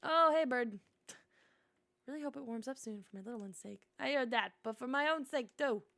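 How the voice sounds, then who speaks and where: Young woman streamer, gravelly, slightly high voice, chatty and tender. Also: moderate pace, dry recording. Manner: chatty, softly emotional. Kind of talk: casual game commentary and reading aloud.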